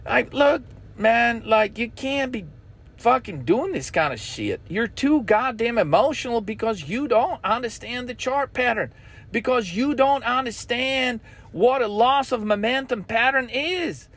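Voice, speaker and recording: A man's voice: very high voice, lively intonation, a little slow, a bit bright. A man hosting a trading channel, delivering a blunt, intense, profanity-laced rant to his viewers.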